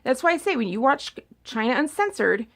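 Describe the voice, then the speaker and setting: A young adult woman vlogger talking politics in a rambling, animated monologue that often repeats words. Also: sits high, fairly quick, vocal fry. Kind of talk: casual opinion monologue.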